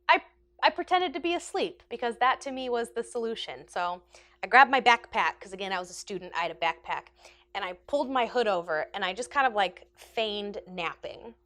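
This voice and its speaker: A woman vlogger telling a casual storytime to her viewers. She is animated and self-mocking, and she laughs often. Her pitch sits in the middle. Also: a little fast.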